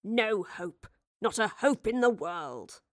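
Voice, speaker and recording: A woman's voice: mid-range voice, animated, slow, no room sound, studio quality. A woman voicing a scornful senior male actor in Tudor times, sneering and grumbling, in a storybook reading.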